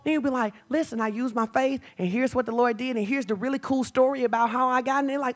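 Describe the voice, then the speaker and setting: A woman pastor preaching a sermon, moving from chatty storytelling to loud, fervent declarations. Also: high voice, fast talker, hardly any pauses.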